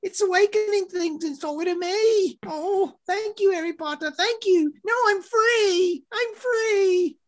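Shrill elf servant, overexcited and humble; very high squeak. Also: male voice, unhurried, few pauses, fairly bright tone. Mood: overjoyed. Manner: exclaiming and groveling, talking of himself by name. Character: squeaky, groveling male house elf.

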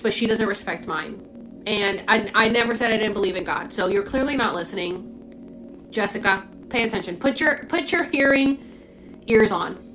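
A woman's voice: medium pitch, bright, forceful tone, poor audio. A young woman hosting a live stream from her phone at home, talking firmly and lecturing, repeating her points. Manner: firm, lecturing, repeats herself. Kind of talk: casual live-stream chat.

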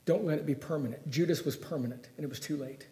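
Preaching fast in a high voice, a man asks his listeners direct questions to press each point. His delivery swings from loud, emphatic statements down to hushed pleas, and the audio echoes as if in a church.

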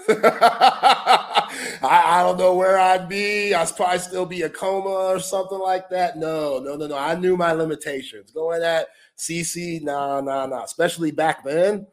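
A man co-hosting a sports podcast, telling a lively story from his college basketball days, laughing often and filling with "like" and "you know.". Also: high voice, a little slow. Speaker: co-host, former junior college basketball player.

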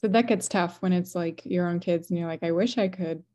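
A woman co-hosts a casual podcast in a soft, quiet, low-key way. Her speaking voice sits fairly low. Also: a little fast. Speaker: podcast co-host.

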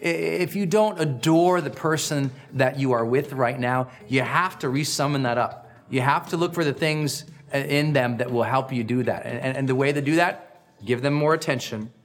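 A middle-aged man hosting a personal growth podcast, giving an energetic, emphatic motivational talk. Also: normal speed. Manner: energetic, emphatic, acts out quoted lines with big pitch swings.

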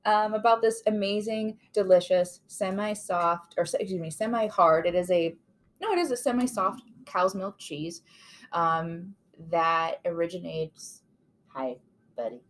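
A woman's voice: on the low side, a little slow. A woman co-hosting a casual podcast, playful and bubbly, laughing often. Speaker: podcast co-host. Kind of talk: casual chat.

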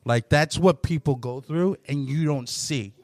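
A man co-hosting a casual podcast, talking with emphatic, drawn-out enthusiasm. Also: fairly high pitch, no room sound, studio quality. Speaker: podcast co-host. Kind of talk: casual chat.

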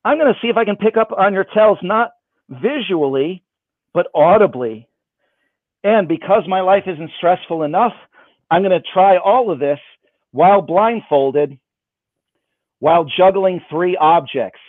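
Magician guy on a video call, high voice, joking around, sounds like a phone. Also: lively intonation, a little slow, pauses often, dry recording. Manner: playful, self-mocking patter. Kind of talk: online magic performance. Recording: dry, phone-like band.

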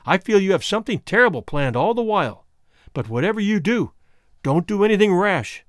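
A man's voice: high voice, big pitch swings, a little fast, dry recording, studio quality, pitched above the performer's own voice. A man reading aloud voices a distressed, frightened woman in a storybook, pleading and agitated in a raised voice.

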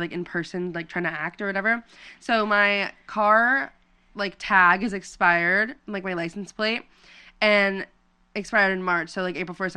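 Chatty young woman with a bright, smooth voice. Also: mid-range voice. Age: young adult. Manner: chatty storyteller, heavy use of "like". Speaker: podcast co-host. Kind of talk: casual chat.

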